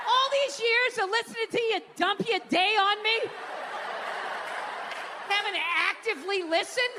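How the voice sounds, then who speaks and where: A man's voice: very high voice, normal speed, long reverb tail, background noise. A man in his fifties telling a blunt, profane story as a guest, acting out voices along the way. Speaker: comedian guest.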